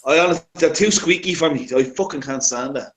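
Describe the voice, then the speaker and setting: Man with a higher voice, swearing freely. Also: fast, fairly bright tone. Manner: profane, laughing. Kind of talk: casual banter.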